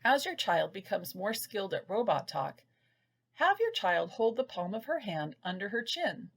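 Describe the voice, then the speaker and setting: A woman giving a scripted lesson to parents, patiently sounding out words slowly. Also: mid-range voice, big pitch swings, vocal fry, breathy edge. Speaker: early reading instructor. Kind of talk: scripted instructional narration.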